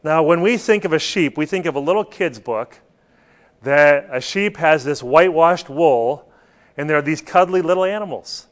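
A man's voice: fairly high pitch, moderate pace. A man preaching a sermon, stressing points and putting questions to his listeners. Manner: rhetorical questions to the congregation, emphatic.

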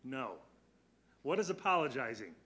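A man teaching a church Bible class, earnest, putting questions to his students and slowing down on key words. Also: mid-range voice, very animated, pushed and bright.

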